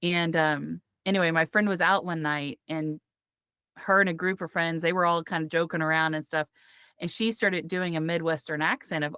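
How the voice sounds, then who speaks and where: A woman's voice: fairly low pitch, steady tone, normal speed, pushed and bright, smooth, no room sound. A woman hosting a podcast, chatting casually, telling stories and laughing often. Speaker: podcast host.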